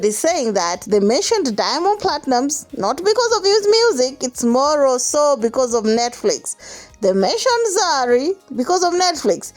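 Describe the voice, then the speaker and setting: Female vlog host with a slightly high, animated voice, playful and chatty. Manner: playful, calls listeners honey, laughs often. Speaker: reaction vlogger and translator. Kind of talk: chatty commentary.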